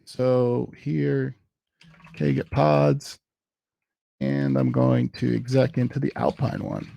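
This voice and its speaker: A man giving a casual live software demo at a tech meetup, thinking aloud as he types commands. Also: mid-range voice, big pitch swings, slow pace, vocal fry, no echo.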